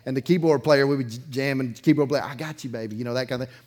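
A pastor with a steady, mid-range voice speaks rapid-fire while preaching to his congregation in a church sanctuary. He tells a story loosely and conversationally, chuckling between sentences and swinging between loud bursts and quiet asides.

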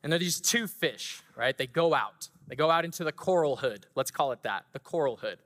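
A man preaching a sermon in a large church hall, playful and animated as he tells stories. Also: a little high, fairly quick. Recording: long hall reverb.

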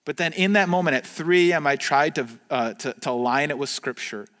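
In a church video recorded during the pandemic, a pastor preaches an earnest, conversational sermon, stumbling through restarts and fillers. His brisk voice is a little high for a man, with a fairly bright tone, and a long reverb trails each phrase like a large hall.

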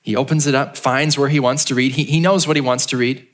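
A male pastor preaching a storytelling sermon in a mid-pitched voice. He acts out the townspeople in a raised voice, then drops low and quiet for emphasis. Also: fairly even intonation, fast talker.

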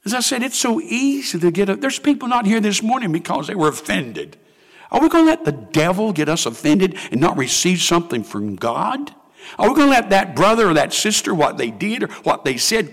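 A man's voice: high voice, big pitch swings, moderate pace, creaky, a bit bright. An older man, preaching a sermon as pastor and acting out people's prayers in quoted voices. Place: church sanctuary. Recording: long hall reverb.

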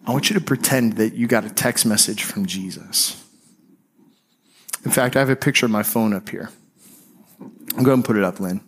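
A man preaching a sermon as pastor, speaking conversationally and slowing and softening on key phrases. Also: on the low side, a little hiss or hum.

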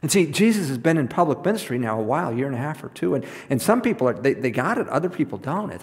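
A man's voice: medium pitch, very animated, quick pace, hardly any pauses. A man preaching a sermon in a conversational way, often repeating words as he goes. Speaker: pastor. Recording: long hall reverb.

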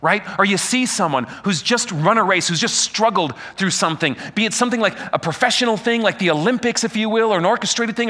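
A man preaching a sermon, animated and full of rhetorical questions aimed at the congregation. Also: high-pitched.

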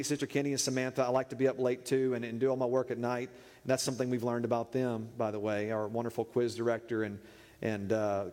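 A man preaching, telling a funny story in an animated, playful way. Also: medium pitch. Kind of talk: humorous sermon storytelling. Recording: echoey hall reverb.

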